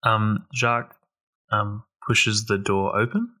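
A man playing a character in a tabletop role-play podcast, relaxed, with halting restarts. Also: lowish voice. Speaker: player and podcast co-host.

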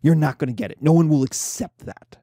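A man's voice: fairly high pitch, brisk, breathy edge, no room sound, studio quality. A man giving an informal lecture, telling stories and acting out the people in them. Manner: animated storytelling, acting out characters.

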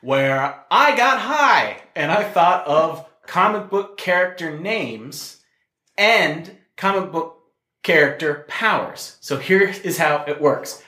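A man's voice: a little high, lively intonation, takes it slowly, bright, forceful tone, reverberant. A man hosting a casual podcast, running a quiz game in a playful, joking way. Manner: playful, laughing at his own ideas. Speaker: podcast host.

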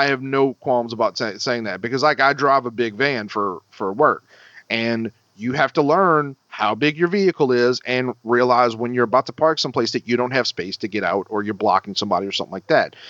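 Profane, animated man telling a story. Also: medium pitch, no echo, lo-fi sound. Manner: animated, profane, voice shoots up when quoting himself. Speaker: podcast co-host. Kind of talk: casual storytelling.

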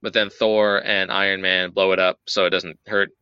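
A young man hosting a podcast, rambling through a casual movie recap with profanity and quick put-on character voices. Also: deep voice, flat delivery, clean tone, dry recording, muffled recording. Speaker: podcast host.

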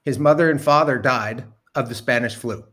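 As a storyteller guest, a man with a mid-range, fairly bright voice spins a long personal story at normal speed. He rambles casually, with plenty of ums, asides and the occasional swear word.

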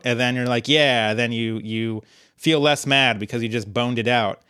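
A man's voice: mid-range voice, fairly even intonation, measured pace, sharp tone, smooth, dry recording, clean studio sound. A man co-hosting a podcast in casual chat, joking around and riffing through quoted bits. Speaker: podcast co-host.

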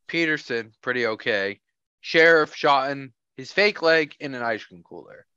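A man's voice: mid-range voice, lively intonation, normal speed, bright, forceful tone, clean tone, dry recording, dull audio. A man playing a tabletop role-playing game, chatting in an offhand, joking way. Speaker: player. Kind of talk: casual chat at a game table.

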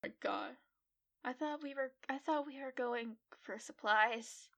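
Woman, tabletop player, blunt, teasing, bright, higher pitch. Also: a little slow, gravelly. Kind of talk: casual tabletop game chat.

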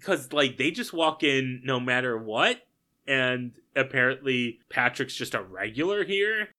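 Male co-host, bright clear tone, casual and incredulous movie-recap chatter. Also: medium pitch, a little slow. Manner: animated, incredulous, swears casually. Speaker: podcast co-host.

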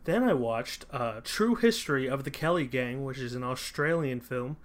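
A man chats casually about movies on a home podcast. He rambles, circles back with fillers and restarts, and speaks at a middling pitch. The room around him has poor acoustics. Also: animated, normal speed. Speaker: podcast co-host.

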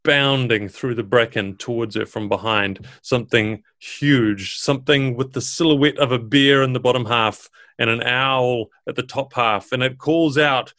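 A man, narrating a tabletop game as dungeon master in a measured, descriptive way. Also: mid-range voice, a bit bright, dry recording.

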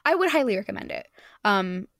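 A woman's voice: mid-range voice, very animated, a little fast, fairly bright tone, no room sound, studio quality. A woman hosting a casual podcast chat, enthusiastic, often restarting her sentences. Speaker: podcast host.

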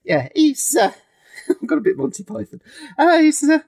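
A woman's voice: high-pitched, very animated, moderate pace, creaky, darkish tone, no room sound, clean studio sound, pitched above the performer's own voice, full character voice. A woman voicing a nervous male coffin maker with a British accent, stammering and hesitant.

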